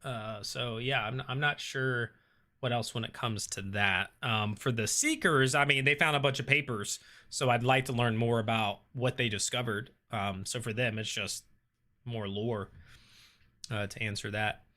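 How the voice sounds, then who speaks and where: Bright-voiced man reading live chat. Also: medium pitch, unhurried. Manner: relaxed, thinking aloud with many ums and uhs. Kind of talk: casual live-stream chat.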